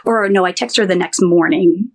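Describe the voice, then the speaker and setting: A woman's voice: on the low side, normal speed, darkish tone. A woman who works as a nurse, telling a personal story in a podcast interview in a chatty way, full of "like" and "he goes".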